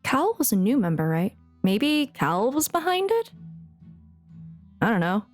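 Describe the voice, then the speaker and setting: A young woman streamer chats casually over her gameplay, giggly and rambling, with a high, lively voice and an unhurried pace. Faint game music plays behind her. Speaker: streamer and voice actress. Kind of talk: casual live gameplay chat.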